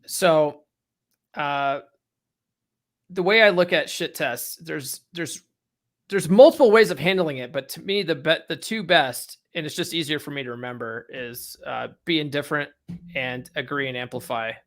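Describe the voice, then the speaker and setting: A man hosting a casual podcast chat, asking questions in a halting way with many restarts. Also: fairly high pitch, a bit bright.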